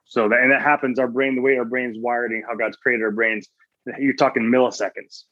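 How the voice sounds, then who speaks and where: A man's voice: medium pitch, little pitch movement, brisk, no room sound, muffled recording. A man speaking as a guest chaplain in a podcast interview, telling stories earnestly, quoting his own thoughts and often restarting his sentences.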